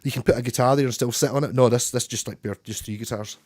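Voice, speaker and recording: A man's voice: medium pitch, fairly even intonation, quick pace, a little mellow, breathy edge, no echo, clean studio sound. A man chatting casually with viewers as a livestream host, rambling and restarting his sentences often. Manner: rambling, stop-start, chatty with frequent restarts. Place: home room, playing guitar.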